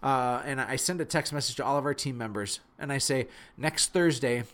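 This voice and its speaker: Midwestern man, mid pitch, earnest and animated storyteller with a self-deprecating streak. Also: a little fast. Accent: Midwestern American. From Fargo, North Dakota. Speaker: speaker telling a personal story. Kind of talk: personal storytelling talk.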